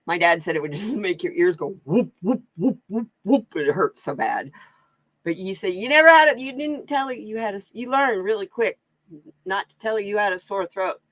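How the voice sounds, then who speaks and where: A chatty woman from Oregon hosts a live card-reading stream, tossing out exclamations and laughing easily. Her voice sits at a middling pitch. It is recorded close and dry, with little room sound. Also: animated, a little fast, fairly bright tone, dry recording. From Oregon, USA. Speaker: host and card reader. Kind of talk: casual live-stream chat.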